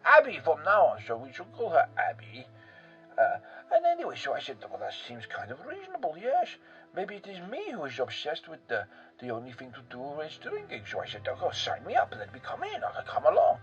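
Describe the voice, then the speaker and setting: A man's voice: a little high, wildly swooping pitch, brisk, a bit bright, dull audio, faint music behind. A man playing a rambling, boastful European man who pokes fun at himself, in a comic character monologue full of fillers and asides.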